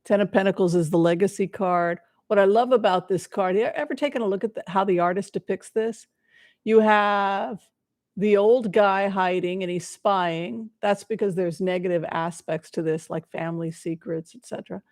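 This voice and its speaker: A woman's voice: mid-range voice, moderate pace, darkish tone. A woman giving live tarot readings to her viewers, chatty and bubbly, with playful asides. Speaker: tarot reader.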